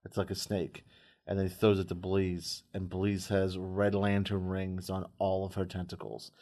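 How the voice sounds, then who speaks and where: A man's voice: deep voice, completely flat delivery, normal speed, a little mellow. A man on a comic book podcast, casually retelling a comic plot. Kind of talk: casual chat.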